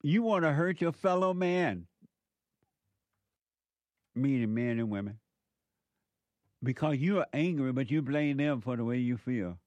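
A man preaches in a dry, close recording with a voice of ordinary pitch. He hammers his points through repetition and rhetorical questions, his tone emphatic throughout. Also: expressive, measured pace, long pauses, dry recording. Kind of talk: preaching monologue.

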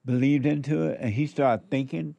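A man's voice: medium pitch, normal speed, gravelly, warm tone, no echo, highs cut off. A man giving commentary, drawing out words with sermon-like emphasis. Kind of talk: slow, preachy commentary.

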